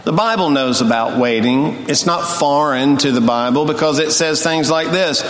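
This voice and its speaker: In a church sanctuary, an older pastor delivers a sermon through folksy, humorous storytelling, his pace sometimes quick and sometimes drawn out. His voice sits in the mid-range with a slightly bright quality. The hall is echoey, with faint noise in the recording.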